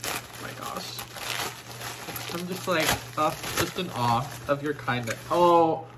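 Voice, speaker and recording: A man's voice: fairly high pitch, takes it slowly, noisy background. Gushing man unboxing vintage toys. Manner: gushing, effusive, repeats "oh my gosh"; breathy exclamations, drops to near-whispers. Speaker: vintage toy collector and seller. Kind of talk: casual unboxing vlog.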